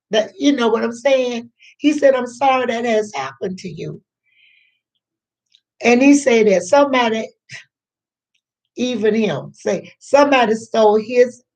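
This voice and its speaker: An older woman, a grandmother, telling a personal story in a chatty, rambling way, repeating herself and acting out what others said. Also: fairly high pitch. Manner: slow, chatty, repeats herself, acts out quoted voices. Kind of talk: casual storytelling to camera.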